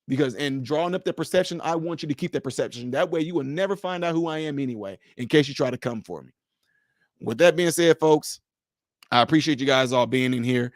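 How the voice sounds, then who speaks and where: Man hosting a casual livestream, emphatic and preacher-like, voice a bit high, dry sound. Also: a little fast, no room sound. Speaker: livestream host. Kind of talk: casual livestream talk to viewers.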